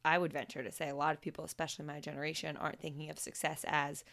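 A woman's voice: deep voice, flat delivery, rapid-fire, vocal fry, fairly bright tone, no room sound. A young adult woman hosting a podcast, chatting and laughing easily with her grandmother in a home basement. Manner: friendly, chatty, laughs often. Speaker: podcast host. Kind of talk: casual podcast interview.

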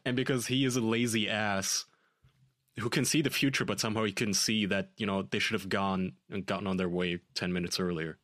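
Male co-host, slightly low voice, dry close sound, exasperated ranter. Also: fairly even intonation, brisk, fairly bright tone, no room sound. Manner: ranting, profane, exasperated. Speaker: podcast co-host. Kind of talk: casual chat.

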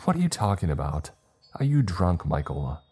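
A man voicing a nosy, sharp-tongued elderly woman neighbor who scolds and judges. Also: low voice, expressive, moderate pace, faint music behind. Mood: scolding. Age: older.

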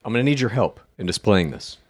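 Lively, teasing male podcast co-host. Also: fairly low pitch, quick pace. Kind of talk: casual stoned banter.

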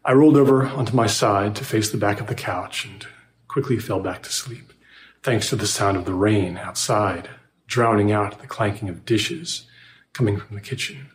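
A man narrating a first-person horror story in a measured, scripted way, recorded with a roomy echo. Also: on the low side.

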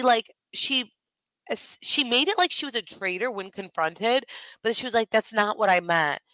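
A woman co-hosting a podcast, retelling events in a chatty, animated way with quoted asides. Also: mid-range voice, no echo, poor audio. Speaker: podcast co-host. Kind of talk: casual recap chat.

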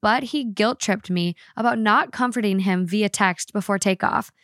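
A woman's voice: mid-range voice, moderate pace, fairly bright tone, no echo, clean studio sound. A woman co-hosting a podcast, reading a listener's story aloud with expression and then chatting casually about it.

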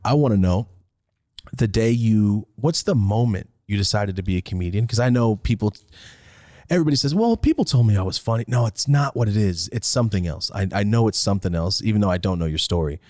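A man's voice: lowish voice, lively intonation, brisk, a little mellow, no echo, studio quality. A male podcast host asking eager, repetitive questions in a casual interview.

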